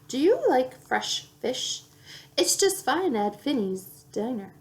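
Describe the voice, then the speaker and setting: Woman reading picture books, playful, animated. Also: sits high, takes it slowly. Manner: playful, acting out sound effects. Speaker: children's book reader.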